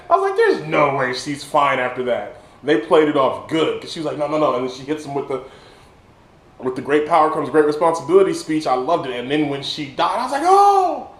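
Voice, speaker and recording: A man, a little drunk, reviewing a movie in a casual monologue, excited and rambling, stumbling over words and restarting often. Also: medium pitch, roomy sound, low-quality recording. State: tipsy.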